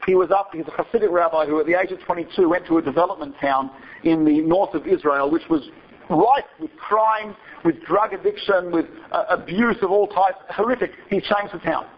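Man, high voice, talk to an audience, conversational storytelling, muffled lo-fi sound. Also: a little fast, slightly rough. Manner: conversational, asks "right?" often. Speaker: speaker.

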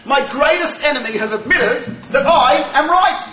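A man's voice: very high voice, expressive, moderate pace, sharp tone, reverberant, soft background music, heavily acted. Brief: man putting on a self-satisfied dictator, mild and heard from a distance. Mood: smug.

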